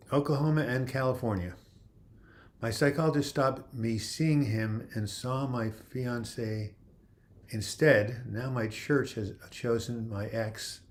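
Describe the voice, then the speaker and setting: A man's voice: medium pitch, a little slow. A man hosting a casual livestream, reading viewer comments aloud and answering them in a loose, rambling way. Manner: rambling, with frequent "you know" and restarts. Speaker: livestream host.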